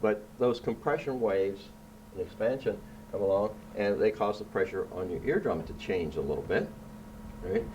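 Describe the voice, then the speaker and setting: Playful low-voiced man explaining science. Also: normal speed, darkish tone, slight background noise, rough recording. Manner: playful, checks in with "right?" constantly. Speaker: science show host teaching children. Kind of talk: casual classroom explanation. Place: indoor room.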